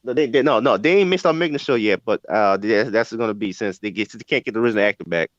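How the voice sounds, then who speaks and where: A man in a casual chat, repeating himself with halting restarts. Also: lowish voice, animated, no echo, lo-fi sound.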